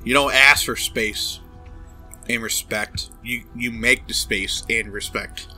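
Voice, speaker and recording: A man's voice: medium pitch, steady tone, slow, pushed and bright, soft background music. A man voicing a gluttonous, arrogant male corporate boss in a comedic fan dub of a game, crude and boastful. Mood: smug. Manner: crude, boastful, smacking over cake.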